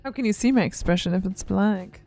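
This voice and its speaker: A woman's voice: mid-range voice, fairly quick, music in the background. A woman streaming a video game and chatting casually with her viewers, giggly and teasing. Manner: chatty, giggly, answers chat. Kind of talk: casual live-stream chat.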